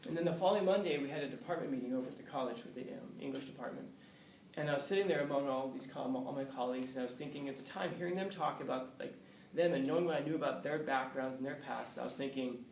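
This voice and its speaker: A man's voice: on the high side, fast. Candid male professor in an echoey classroom. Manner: candid and conversational, with swearing and chuckles. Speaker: college professor. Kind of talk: storytelling lecture to a class. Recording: roomy, distant, faint background hiss.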